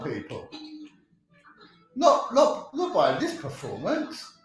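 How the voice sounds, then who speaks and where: A man's voice: high-pitched, huge pitch swings, slow pace, pauses often, roomy sound, faint music behind. A young man with a London accent hosting a charity livestream, chatting casually as he reads out comments, rambling, repeating himself and laughing often. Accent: London English.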